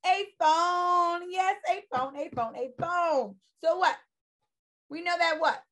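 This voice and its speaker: A woman's voice: very high-pitched, slow pace, fairly bright tone. A woman teaching a phonics lesson to young children, stretching out sounds in a sing-song, encouraging way.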